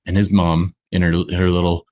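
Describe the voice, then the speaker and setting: A man guest on a podcast, speaking in a reflective, deliberate way with long pauses. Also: deep voice, flat delivery, darkish tone. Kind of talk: conversational podcast talk.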